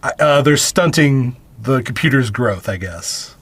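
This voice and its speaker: A man at a middle pitch, recorded close and dry with no room sound. He recaps a movie for a podcast and drops sarcastic, profane asides along the way. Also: animated, slow, slightly rough, no echo. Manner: wry, sarcastic asides with swearing. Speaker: podcast co-host. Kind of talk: casual film-review chat.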